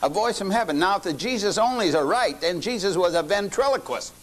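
A man's voice: sits high, expressive, fairly quick, a little hiss or hum. An older man teaching a lecture-style sermon, folksy, often quizzing his listeners with questions. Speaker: lay teacher.

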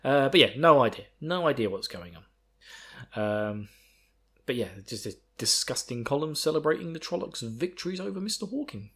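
Rambling man, husky. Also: mid-range voice, lively intonation, normal speed, sharp tone. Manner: rambling, swearing, self-mocking. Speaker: podcast host. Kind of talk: casual book recap.

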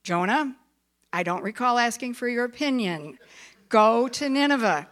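A woman's voice: normal speed, a bit bright, close to an everyday voice. A woman voicing God as a stern, commanding male voice in a children's story. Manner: booming, authoritative.

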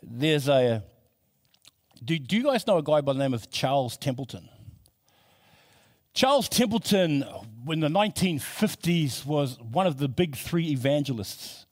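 Man, preacher, sermon, slightly high voice, conversational, emphatic build. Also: animated, a little slow.

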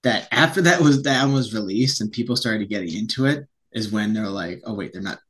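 A man with a bright, forceful voice, chatting loosely on a podcast. He rambles, trips over his words and starts again. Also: lowish voice, a little fast. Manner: rambling, restarts often. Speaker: podcast co-host. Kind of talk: casual chat.

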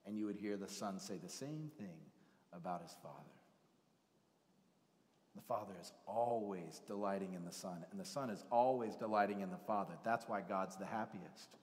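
A male pastor preaching a sermon, animated, acting out biblical voices and swinging from loud to hushed. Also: low voice. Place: church sanctuary. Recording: long church hall reverb.

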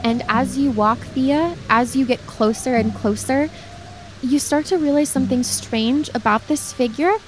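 A woman with a fairly high voice runs a tabletop game as game master. She describes each scene with frequent restarts and speaks to the player by name. Clear background noise runs under the recording. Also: unhurried, low-quality recording.

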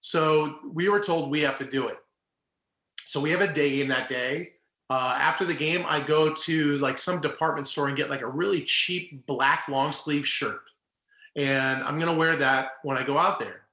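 A man's voice: a little high, moderate pace, reverberant. A middle-aged man, a former ballplayer, telling a story in casual chat and acting out the people in it. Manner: animated, acts out quoted people. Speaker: former baseball player, guest.

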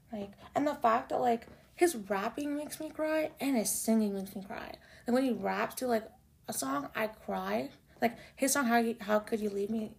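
A young woman chatting casually as a music vlogger, gushing like an excited fan. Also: on the high side, creaky. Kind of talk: casual chat.

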